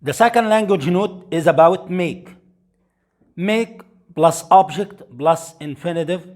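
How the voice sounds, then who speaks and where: A man who speaks as his leads an English vocabulary drill, reading each word slowly and then repeating it. His voice sits a little high, and he says every word clearly so students can copy it. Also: a little mellow. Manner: clear, deliberate pronunciation for learners to repeat. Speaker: English teacher.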